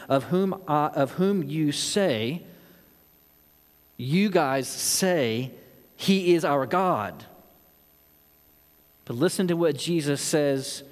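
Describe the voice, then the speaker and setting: A man's voice: fairly high pitch, expressive, takes it slowly, pauses often. A man preaching a sermon on a Bible passage, asking rhetorical questions and voicing the people in the text. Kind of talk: expository sermon. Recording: long hall reverb.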